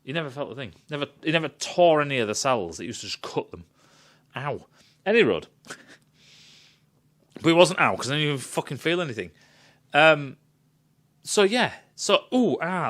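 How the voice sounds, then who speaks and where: A man's voice: a little high, big pitch swings, moderate pace, sharp tone. A man giving a sweary, sarcastic rant reviewing a film.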